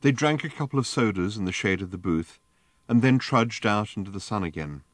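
A man reading an audiobook in measured, deadpan narration. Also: fairly low pitch, no echo, studio quality. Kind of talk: scripted narration.

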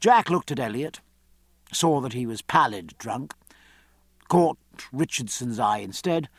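Male audiobook reader, expressive and animated, dry studio sound. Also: medium pitch, unhurried, husky, no echo. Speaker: audiobook narrator. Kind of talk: scripted narration.

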